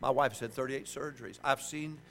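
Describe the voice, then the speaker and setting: A man's voice: medium pitch, fairly quick, vocal fry, slight background noise. An older man preaching a sermon, joking and calling on the congregation to answer back. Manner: joking, animated, call-and-response with the congregation.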